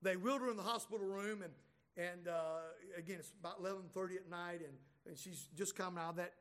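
A man's voice: high voice, steady tone, fast talker, fairly bright tone. A middle-aged man tells a humorous story to an audience in a folksy, chatty way, often restarting his sentences. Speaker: speaker.

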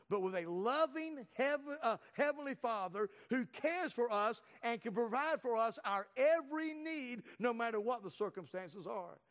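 High-voiced preacher in a reverberant hall. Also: male voice, fairly bright tone. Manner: earnest preaching with frequent fillers and restarts, slowing for scripture. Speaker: pastor. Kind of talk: sermon.

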